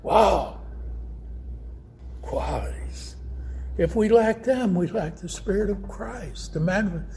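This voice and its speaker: Slow, soft-toned male preacher. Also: high voice. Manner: slow, storytelling with quoted voices. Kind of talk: sermon.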